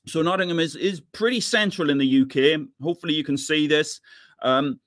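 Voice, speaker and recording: A man's voice: fairly high pitch, a little fast, a bit bright, no room sound, clean studio sound. A middle-aged man with an Irish accent giving an online physics lecture, chatty and often repeating words as he thinks. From Ireland, near the Northern Ireland border. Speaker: physics professor giving an invited talk.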